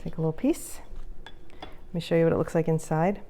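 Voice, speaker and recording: Low-voiced woman chatting through home cooking. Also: fairly quick, slight background noise. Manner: chatty, easily excited, talks viewers through each step. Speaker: home cook vlogger. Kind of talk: casual cooking demonstration.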